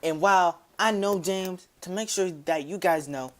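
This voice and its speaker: A man telling a personal story to his viewers in a casual, slangy, rambling way, dropping his voice low for quoted asides. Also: normal speed, a bit bright, a little hiss or hum.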